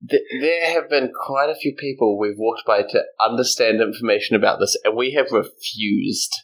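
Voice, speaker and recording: A man's voice: mid-range voice, moderate pace, low-quality recording. A man in a tabletop game session talks in wry, rambling asides. His tone stays loose and casual. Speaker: player.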